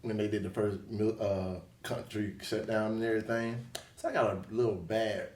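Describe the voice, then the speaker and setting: A man's voice: lowish voice, fairly even intonation, normal speed, a little mellow. A man hosting a casual podcast, joking and slangy, recorded in an echoey room from a distance. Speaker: podcast host. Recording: echoey room, mic at a distance, faint noise.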